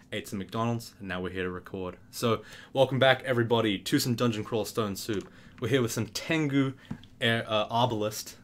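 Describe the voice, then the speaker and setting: A young man hosting a gaming channel, telling a story in a casual, animated way, swearing freely and acting out the scenes before he turns to game commentary. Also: on the low side, slight background noise. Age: young adult.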